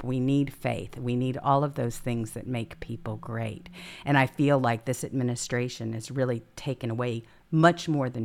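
A middle-aged woman hosting a talk show, speaking emphatically and with feeling in short repeated phrases. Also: sits low. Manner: emphatic, emotional, repetitive phrasing. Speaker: host. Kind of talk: casual talk show chat.

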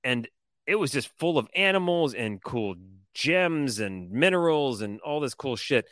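A man telling a story on a podcast in a casual, animated, profane and rambling way. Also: mid-range voice, a little slow, no room sound, studio quality. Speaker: co-host.

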